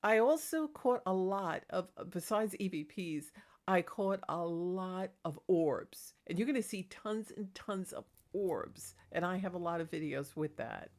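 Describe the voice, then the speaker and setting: A woman's voice: lowish voice, animated, measured pace, a little mellow. A woman talking casually in a rambling, chatty vlog about her paranormal experiences, laughing between thoughts. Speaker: paranormal vlogger.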